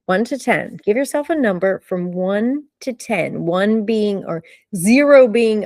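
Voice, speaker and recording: Woman running a live speaking coaching session, lively, emphatic, lots of rhetorical questions, slow deliberate pace, dry close sound. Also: medium pitch, dry recording. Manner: animated, emphatic, asks many rhetorical questions.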